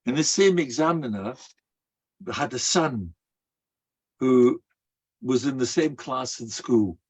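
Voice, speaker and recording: A man's voice: mid-range voice, lively intonation, takes it slowly, a little mellow, breathy edge. A man, a rabbi, delivering a sermon full of stories, a folksy storyteller who weaves in Hebrew and Yiddish terms. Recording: dull, muffled lo-fi recording.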